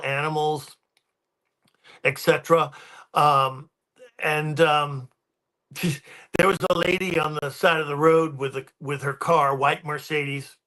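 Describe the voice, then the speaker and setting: A man guesting on a podcast, chatting casually and winding through his stories with frequent ums and restarts. His voice is fairly high and bright. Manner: rambling, many ums and restarts. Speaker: guest paranormal researcher.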